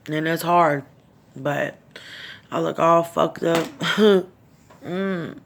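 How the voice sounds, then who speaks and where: A woman's voice: low voice, very slow, long pauses, slight background noise. A middle-aged woman vlogging about grief, raw and profane, holding back tears as she talks. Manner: raw, tearful, profane, speaks from the heart. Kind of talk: emotional personal vlog.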